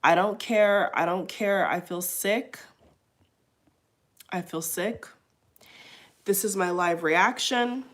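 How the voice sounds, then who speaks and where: A woman's voice: medium pitch, takes it slowly, long pauses. A woman vlogger giving opinionated commentary to camera, emphatic, repeating her phrases and speaking straight to her viewers.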